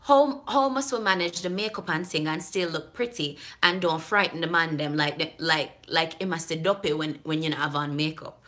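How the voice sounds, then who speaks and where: A woman's voice: low voice, moderate pace, few pauses, a bit bright. A woman putting on a Jamaican patois accent to voice a young Jamaican woman's letter about dating, read in a playful, sing-song way. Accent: Jamaican patois, as put on.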